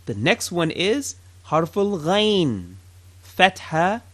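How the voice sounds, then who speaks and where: A man gives a slow, patient pronunciation lesson, repeating each sound so learners can copy him. His pitch moves a lot as he models sounds. The recording is dry and close. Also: big pitch swings, fairly bright tone, no room sound. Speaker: Arabic teacher. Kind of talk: slow language lesson with drills.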